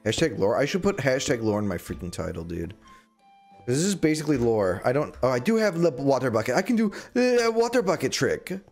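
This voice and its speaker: A man's voice: mid-range voice, very animated, brisk, darkish tone, soft background music. A young man chatting casually while streaming a game, rambling with jokey, sarcastic asides. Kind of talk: casual livestream chat while gaming.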